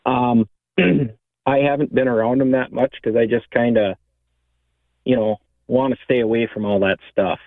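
A man's voice: medium pitch, steady tone, no echo. Hesitant male caller on a tinny phone line. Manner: hesitant, halting, many fillers. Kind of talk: phone-in conversation. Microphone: telephone.

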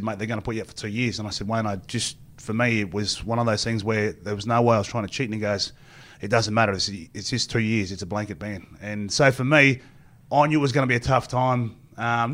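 A middle-aged Australian man speaks as an interview guest, telling long stories at a quick clip. His voice sits in an ordinary middle range. He rambles from one anecdote to the next and acts out what other people said. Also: medium pitch, fairly bright tone. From Queensland, Australia. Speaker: guest, former rugby player. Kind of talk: storytelling interview.

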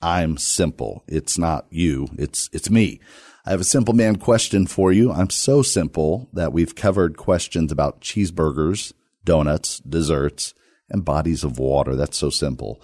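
A man hosting a radio Bible study podcast, talking casually with playful, self-deprecating jokes and sudden lively jumps. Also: extremely low pitch, a little slow, no room sound, studio quality. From Virginia, US.

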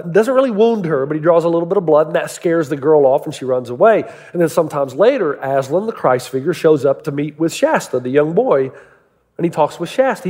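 A man delivers a sermon, his fairly high voice rising and falling as he tells stories and fires off rhetorical questions. The sound carries a long echo, as in a large church hall. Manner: animated, rhetorical questions, storytelling. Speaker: pastor.

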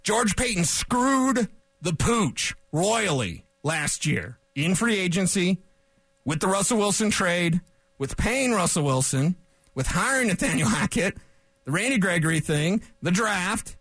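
Sports radio host, male, opinionated rant, high pitch, dry close studio sound. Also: unhurried, husky, dry recording. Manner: animated, opinionated ranting. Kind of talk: sports talk radio monologue.

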